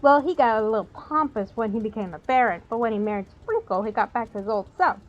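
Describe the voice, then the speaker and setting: A woman's voice: on the high side, expressive, quick pace, lo-fi sound, natural voice. A woman voicing a streetwise male goblin with a put-on New York accent, blunt and slangy. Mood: reminiscing. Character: streetwise adult male goblin, tough-talking.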